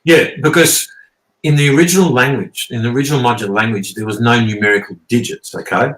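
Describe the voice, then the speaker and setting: Fast and fairly even in intonation, a man's medium-pitched, slightly bright voice belongs to a guest teacher who rambles and swears through casual explanations. He often checks in with "okay?", and the room echoes.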